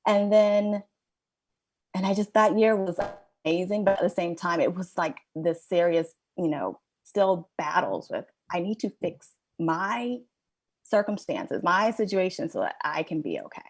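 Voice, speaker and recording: A middle-aged woman with a fairly low voice tells a personal story as a podcast guest. She is candid and rambling, and she leans on "like" and "you know" as she goes. The talk is loose and conversational. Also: lively intonation, measured pace.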